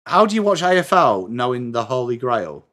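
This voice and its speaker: A man's voice: mid-range voice, big pitch swings, normal speed, fairly bright tone. A young English man hosting a live sports watchalong, chatting to his viewers in a self-mocking way and reading trivia aloud. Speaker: livestream host.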